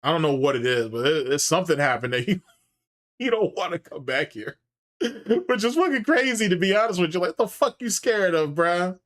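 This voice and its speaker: A male host riffing in casual, profane commentary, teasing and taunting his subject. His voice sits slightly high and leaps up and down expressively. He keeps breaking into laughter as he needles. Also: lively intonation, normal speed, fairly bright tone. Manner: mocking, taunting, laughs often.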